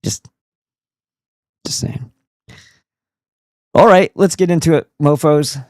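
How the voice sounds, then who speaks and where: A man's voice: a little high, takes it slowly, a little mellow, no echo. A man hosting a casual livestream, talking in a goofy, profane and rambling way. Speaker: streamer host.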